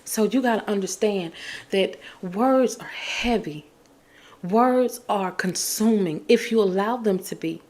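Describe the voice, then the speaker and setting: A woman's voice: medium pitch, a little slow, darkish tone. A woman hosting a podcast, talking in an emphatic, encouraging way and repeating her key phrases. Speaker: podcast host. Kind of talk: casual motivational talk.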